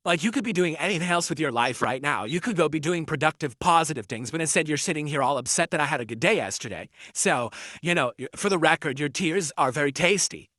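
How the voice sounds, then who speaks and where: A man livestreams from home in a bright, forceful voice, reading out tips and gloating at his haters. His talk runs on in long, self-justifying stretches. The sound is close and dry, with no room around it. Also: fairly high pitch, lively intonation, quick pace, no echo. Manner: mocking, gloating toward trolls; rambling, self-justifying monologue. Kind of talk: casual stream chat.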